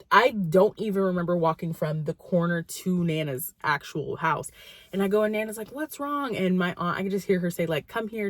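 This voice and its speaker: A woman's voice: lowish voice, no echo. A young woman vlogger telling a personal story in a rambling, casual way, full of fillers.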